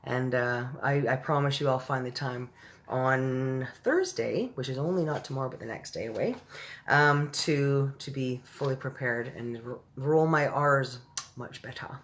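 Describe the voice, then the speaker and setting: Woman host, low voice, signing off a live stream, affectionate and chatty with her viewers. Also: a little slow, a little hiss or hum. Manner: affectionate, chatty, calls viewers babe and honey.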